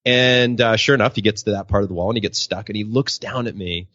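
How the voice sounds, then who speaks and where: A man's voice: on the low side, fast, no room sound, highs cut off. A man telling personal stories as a podcast guest, acting out quotes in a raised voice. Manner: animated, acts out quotes in a raised voice. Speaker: podcast guest, professional speaker. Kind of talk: storytelling interview answer.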